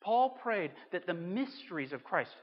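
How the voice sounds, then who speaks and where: Male pastor, high voice, chatty sermon delivery, muffled recording with long reverb. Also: big pitch swings, moderate pace, husky. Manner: conversational preaching with emphatic swings in loudness. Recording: dull sound with long hall reverb.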